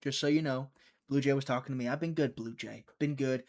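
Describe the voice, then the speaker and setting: A man's voice: mid-range voice, steady tone, fairly quick, a little mellow. A young man hosting a live fight-watching stream, chatty and teasing, reading viewer chat aloud.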